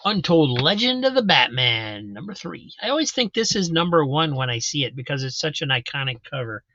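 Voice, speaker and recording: Chatty comic auction host, a man with a bright, slightly high voice, close and dry. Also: sing-song, fairly quick, no echo, highs cut off. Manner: casual, chatty, describes books as he goes. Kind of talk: live auction commentary.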